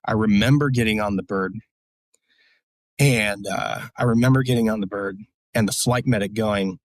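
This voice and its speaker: Veteran guest, male, lowish voice, dry sound, profane plain-spoken storyteller. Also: steady tone, fairly quick, no echo. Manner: profane, blunt war stories with many fillers. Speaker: podcast guest, military veteran. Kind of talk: casual storytelling.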